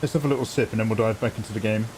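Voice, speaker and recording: A man's voice: fairly low pitch, racing, a little mellow, a little hiss or hum, rough recording. A man chatting casually with viewers during a live game stream, playful and joking with a lot of laughter. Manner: playful, jokey, laughing often, hamming up mangled French. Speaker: game livestreamer.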